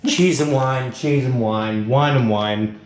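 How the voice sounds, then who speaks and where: A man's voice: medium pitch, takes it slowly, reverberant, a little hiss or hum, lightly acted. A man playing a posh, tipsy middle-aged British lady who hosts a cooking show, plummy and chatty, calling everyone darling.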